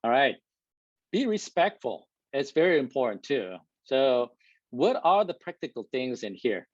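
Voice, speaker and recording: A man who speaks English as a second language, giving a lively, loud talk to a live and online audience, laughing often and asking the room "right?". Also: medium pitch, a little slow, dry recording. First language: not English. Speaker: guest speaker. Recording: dull lo-fi recording.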